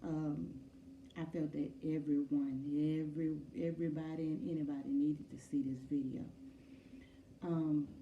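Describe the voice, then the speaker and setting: Woman vlogger, low voice, earnest storytelling, distant mic, echoey room. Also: level tone, unhurried, phone-quality sound, a little hiss or hum. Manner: earnest, storytelling, with frequent fillers. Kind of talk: casual talk to camera.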